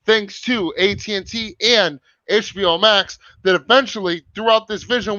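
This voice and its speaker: Hosting a laid-back livestream on a video call, a young man speaks with a very high-pitched, bright, forceful voice, swearing frequently and stressing his words. The lo-fi stream audio sounds dull and carries no room sound.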